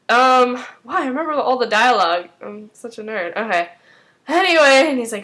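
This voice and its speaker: A woman's voice: a little high, fairly even intonation, a bit bright. A young woman casually recapping a TV episode, rambling with many fillers and briefly acting out the characters' lines. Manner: rambling, many "like"s, acts out lines in quick voices. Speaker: recap vlogger.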